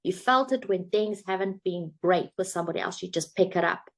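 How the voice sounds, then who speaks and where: A woman's voice: lowish voice, fairly quick. A woman coach telling a parable and drawing a motivational lesson from it, in a chatty storytelling way with some fillers. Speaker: self-help coach.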